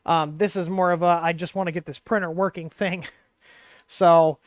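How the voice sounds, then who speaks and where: A man with a fairly high voice and little pitch movement hosts a casual hands-on tech livestream, speaking at normal speed into a wireless mic. He rambles with lots of fillers while explaining the hardware he's working on, in a dry, studio-quality recording.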